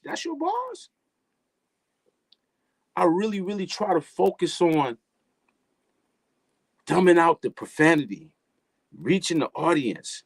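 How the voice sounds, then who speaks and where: A man's voice: high-pitched, dry recording. A middle-aged man talking casually as a guest, giving emphatic, preachy advice in street slang and repeating phrases for effect. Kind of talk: casual motivational talk.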